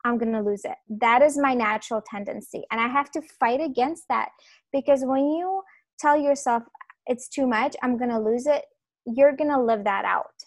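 A woman in her thirties, a parenting coach for mothers, speaking earnestly in a podcast interview and softly repeating calming phrases. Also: sits high, brisk, dry recording. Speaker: guest, parenting coach for moms.

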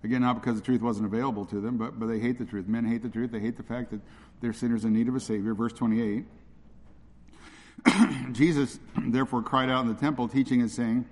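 A man's voice: mid-range voice, steady tone, fairly quick, a little mellow. A man preaching an expository sermon, earnest and repeating his points for emphasis. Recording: long reverb of a large hall.

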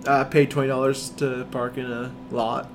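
A man's voice: mid-range voice, flat delivery, moderate pace, over music. A young man in casual chat as a podcast co-host, rambling and stumbling over his words, laughing often. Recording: noisy room.

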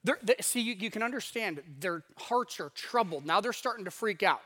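A man's voice: high voice, lively intonation, moderate pace, sharp tone. A man preaching a casual, conversational sermon as pastor in a church sanctuary, often acting out voices in asides.

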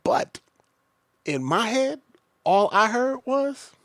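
A man co-hosting a podcast who tells stories in a joking, profane, animated way. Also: very high-pitched, slow, no room sound, studio quality. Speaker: podcast co-host. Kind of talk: casual chat. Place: studio.

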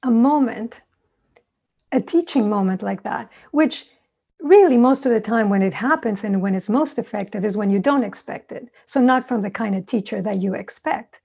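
A woman meditation teacher giving a dharma talk, telling stories in a relaxed, conversational way with thoughtful asides. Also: mid-range voice, normal speed, vocal fry, slightly rough.

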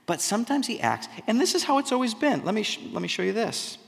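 A man's voice: sits high, sing-song, fast talker, vocal fry. A man giving a sermon, reading scripture aloud and explaining it in casual, conversational asides. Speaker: preacher. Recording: long hall reverb.

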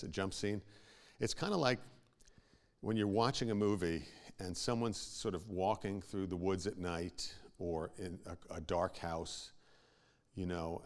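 A man preaching a sermon as a pastor, swinging from hushed asides to loud, emphatic peaks and repeating words as he builds a point. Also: low-pitched.

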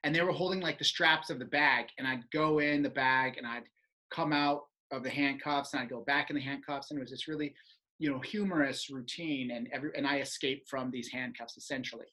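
Man, animated laughing storyteller, bright forceful tone. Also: mid-range voice, a little fast, low-quality recording. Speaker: former stage partner, performer. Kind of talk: casual reminiscing chat.

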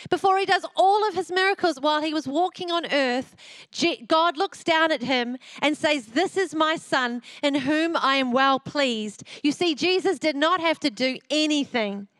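A woman's voice: high-pitched, a bit bright, no echo. A middle-aged woman preaching a sermon, telling family stories and acting out the voices of her children. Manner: storytelling, acts out family voices.

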